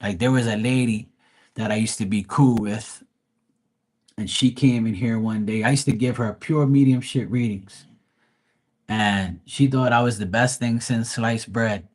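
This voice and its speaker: A man's voice: mid-range voice, normal speed. A man hosting a live tarot and mediumship stream, speaking bluntly and profanely, rambling with frequent restarts. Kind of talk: casual live stream talk.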